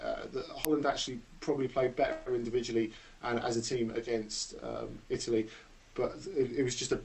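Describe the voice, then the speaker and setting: Studio pundit, man, even monotone, stumbles into his answers. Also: mid-range voice. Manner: stammering start, then fluent analysis. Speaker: football pundit guest. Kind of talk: radio studio discussion.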